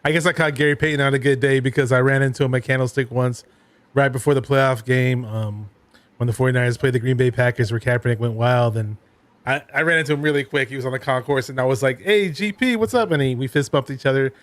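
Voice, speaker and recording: Relaxed man hosting a casual online chat. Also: mid-range voice, fast talker, dry recording. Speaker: podcast host.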